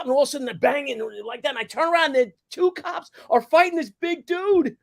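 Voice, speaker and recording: A man hosting a show, telling a story in casual chat, acting out shouted quotes, swearing and laughing often. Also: very high-pitched, fast, few pauses.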